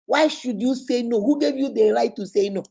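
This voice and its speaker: A Nigerian woman talks straight to her viewers in a casual vlog, with a fairly high, mellow voice. She tells stories in a lively way, drops into other people's voices and keeps a chatty, exclaiming manner. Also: normal speed, gravelly, slightly rough. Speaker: online influencer host.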